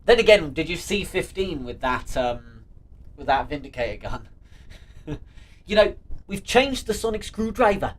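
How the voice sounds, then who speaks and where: Excitable man chatting on stream. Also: fairly high pitch, unhurried. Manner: excitable, laughs often, swears freely, reads chat aloud. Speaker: streamer answering live chat. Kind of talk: casual live-stream chat.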